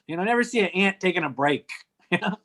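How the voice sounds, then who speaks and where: A man's voice: high voice, expressive, fast, sharp tone. A man doing a stand-up set over a video call, wry and rambling with offhand observational jokes. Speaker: stand-up comedian.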